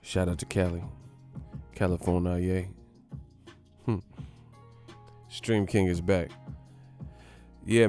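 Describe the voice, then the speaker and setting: Male streamer, lowish voice, loose profane banter with viewers, light music bed. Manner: loose, profane, joking with chat. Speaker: live stream host. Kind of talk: casual live stream chat.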